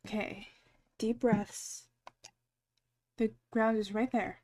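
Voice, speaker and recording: A woman playing through a visual novel, reading its dialogue aloud with soft asides. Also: a little high, little pitch movement, slow. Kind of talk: let's play narration.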